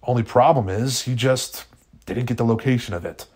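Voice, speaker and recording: A young male speedster explains himself urgently, as a man reads his lines, unsure of what he knows. He comes from a fan fiction story and speaks at a middling pitch. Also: normal speed, darkish tone, husky, lightly acted. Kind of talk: fan fiction read aloud.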